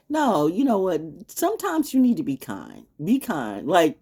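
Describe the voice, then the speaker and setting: A woman's voice: a little high, wildly swooping pitch, moderate pace, few pauses, a little mellow, slightly rough. A middle-aged woman hosting a talk show, rambling in a casual monologue, laughing often.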